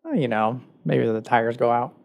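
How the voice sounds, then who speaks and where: A man's voice: mid-range voice, normal speed, creaky, dull audio. A man co-hosting a podcast, retelling a story in a casual, rambling way with many filler words. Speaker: podcast co-host. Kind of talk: casual chat.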